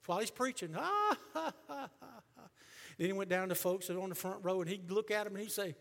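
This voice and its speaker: A middle-aged male pastor preaching a sermon, emphatic, surging loud and then dropping low. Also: steady tone, rapid-fire. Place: church sanctuary. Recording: long reverb of a church hall.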